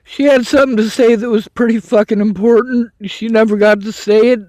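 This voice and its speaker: High-voiced man in a bitter rant. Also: steady tone, a little fast, warm tone, no echo, poor audio. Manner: bitter, swearing, vents in outbursts. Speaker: vlogger. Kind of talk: angry personal rant to camera.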